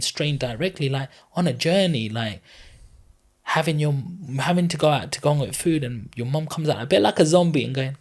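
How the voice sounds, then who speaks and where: Male podcast guest, 30s, husky, earnest, heartfelt storyteller. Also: medium pitch, fairly quick. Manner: earnest, heartfelt, rambling retelling. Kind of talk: emotional personal storytelling.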